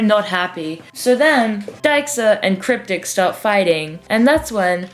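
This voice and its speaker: A woman's voice: medium pitch, lively intonation, moderate pace, hardly any pauses. A young woman casually recapping a story, rambling, swearing, and dramatic. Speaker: video creator. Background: faint music.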